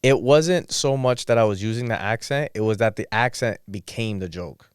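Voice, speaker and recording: A young man hosts a podcast in relaxed, slang-filled conversation, laughing easily between points. His voice is smooth and clear, and it sounds close and dry with no room around it. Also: lowish voice, moderate pace, no echo. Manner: laid-back, slangy, laughs often. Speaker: podcast host. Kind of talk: casual chat.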